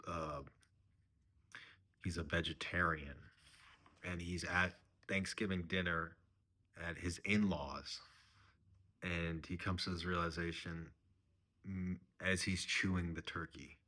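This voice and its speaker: A man's voice: deep voice, steady tone, slow, long pauses, sharp tone. A man doing a mock-serious comedy monologue, rambling and earnest, sometimes trailing off to a whisper. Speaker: comedian host.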